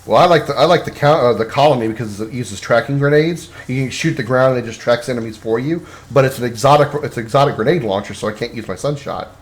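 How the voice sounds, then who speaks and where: Streaming a game, this man chats casually in a mid-range voice at a quick clip, barely pausing. He rambles, restarting often and leaning on fillers.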